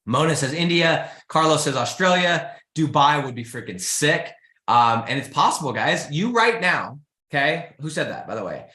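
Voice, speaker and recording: His voice is on the high side, at a normal speed, with a roomy sound. He hosts a live business show, giving a casual motivational live-stream talk, energetic and pleading, telling listeners to get started and saying "guys" and "freaking" a lot.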